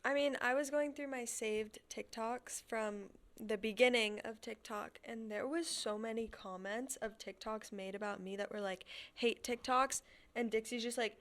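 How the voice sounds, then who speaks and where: Soft-spoken, hesitant young woman guest. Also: a little high, moderate pace. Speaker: podcast guest. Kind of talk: casual podcast chat.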